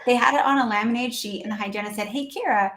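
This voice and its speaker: A woman with a fairly high voice gives coaching advice in a podcast conversation. She talks in an animated way and slips into quick acted-out snippets of staff and patient dialogue. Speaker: dental practice consultant, podcast guest.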